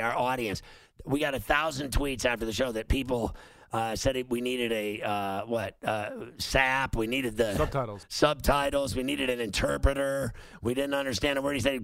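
A man's voice: medium pitch, fairly even intonation, moderate pace, gravelly, fairly bright tone, no room sound, rough recording. A middle-aged man, a talk show host telling a long story in a casual, rambling way with many fillers and restarts.

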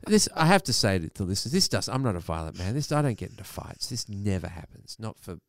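A middle-aged man spins a mock-grumpy comic rant as a podcast co-host. His pitch leaps and dips in a lively way. The sound is dry and close, with no room echo. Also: fast, vocal fry. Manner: mock-grumpy, animated storytelling. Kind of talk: casual comedic chat.

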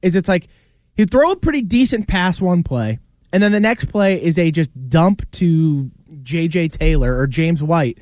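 Podcast co-host, male, high voice, animated debater, dry close sound. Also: moderate pace, no room sound. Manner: animated, argumentative, laughs often. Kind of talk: casual sports chat.

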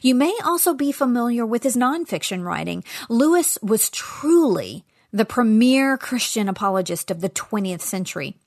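A woman hosts a faith-teaching podcast in an earnest, emphatic monologue. Her voice sits a little high, and she sometimes sinks to a near-whisper for weight. The sound is dry and close. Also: animated, moderate pace, few pauses, dry recording. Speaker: podcast host.

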